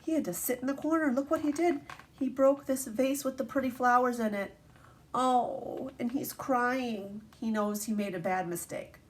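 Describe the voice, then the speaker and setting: A woman teacher reading a picture book aloud to children, animated and asking them questions as she goes. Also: fairly high pitch, normal speed.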